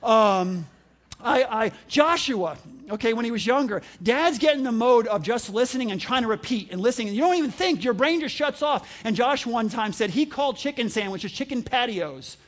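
A man's voice: very high-pitched, animated, normal speed. A middle-aged man, a pastor, telling a humorous sermon story with laughter and mimicked voices.

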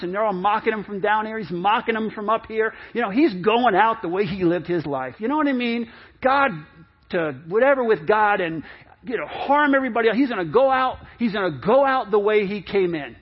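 High-voiced husky male pastor preaching. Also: lively intonation, a little fast, dull audio. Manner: conversational, repeats and restarts, acts out quoted excuses. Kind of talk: sermon.

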